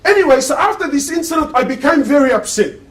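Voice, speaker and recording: High-voiced man preaching, heard from afar. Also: lively intonation, quick pace, fairly bright tone, recorded from a distance, rough recording. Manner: impassioned, with rhetorical questions to the audience. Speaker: preacher giving a Friday sermon. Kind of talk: sermon.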